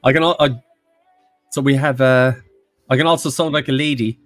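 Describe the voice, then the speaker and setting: A man's voice: medium pitch, fairly even intonation, normal speed, no room sound, faint music behind. A man co-hosting a live quiz stream, chatting playfully and fooling with his mic. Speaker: quiz show co-host. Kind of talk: casual live-stream chat.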